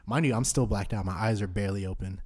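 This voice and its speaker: A young man in his twenties on a podcast, telling a drunk night-out story in animated, slangy chat full of swearing. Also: lowish voice, fast. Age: 20s. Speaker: podcast host.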